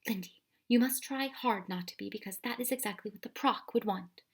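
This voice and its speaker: A woman voicing a kindly older male professor who speaks in a grave, breathy half-whisper. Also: fairly high pitch, brisk. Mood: grave hushed.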